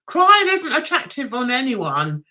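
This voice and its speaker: A woman's voice: high-pitched, wildly swooping pitch, unhurried, pushed and bright. A middle-aged woman hosting a casual livestream, reading out comments, chatting to viewers and laughing often. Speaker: livestream host.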